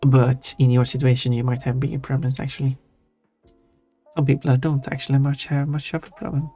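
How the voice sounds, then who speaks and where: Streamer guy, mid-pitched, halting casual chat with viewers, soft music behind. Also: flat delivery, husky. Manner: halting, restarts often, chuckles while answering chat. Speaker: livestream host. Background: faint background music.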